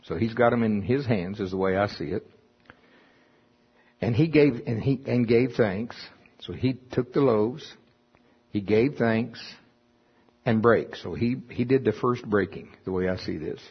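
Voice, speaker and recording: A man's voice: lowish voice, unhurried, pauses often, breathy edge, highs cut off. A man preaching folksy Bible teaching, reading scripture aloud and explaining it with chuckling asides.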